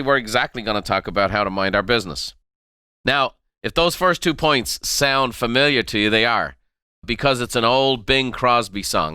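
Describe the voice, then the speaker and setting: A man's voice: lowish voice, sharp tone, clear, resonant tone, dry recording, clean studio sound. A middle-aged man from Ireland, hosting a motivational podcast and driving home key phrases by repeating them. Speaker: podcast host and motivational speaker. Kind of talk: motivational monologue.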